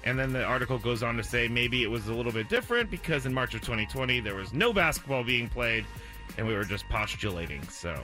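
A man's voice: mid-range voice, animated, quick pace, music in the background. A man hosting a sports debate show, steering the talk, reading a quote and laughing easily between points.

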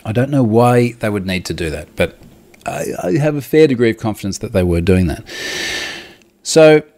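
A man's voice: on the low side, lively intonation, normal speed, dark tone. A man hosting a casual solo talk about online security, explaining technical points in detail with wry asides and reading out viewer comments.

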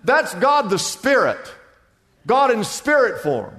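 A man preaching a sermon as pastor, animated, repeating phrases and putting questions to the congregation. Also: extremely high pitch, takes it slowly. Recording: long hall reverb.

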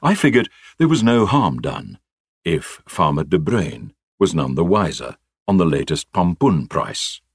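A man's voice: low voice, big pitch swings, unhurried, husky, no room sound. A man, a former radio broadcaster telling wry stories from his career. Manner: wry, dry humour. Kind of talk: memoir storytelling.

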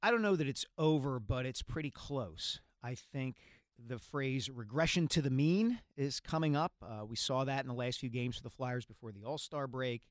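A man co-hosting a sports talk show, giving careful, analytical opinions in a measured way. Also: mid-range voice, lively intonation, no echo, clean studio sound. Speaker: sports columnist and co-host.

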